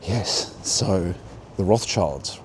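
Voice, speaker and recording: A man's voice: deep voice, animated, extremely slow. A man talking as he walks through a church garden by the harbour, musing and offhand. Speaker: vlogger. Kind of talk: walking tour vlog with talk. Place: outdoors by a harbour. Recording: outdoor noise and passing vehicles. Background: outdoor ambience and traffic.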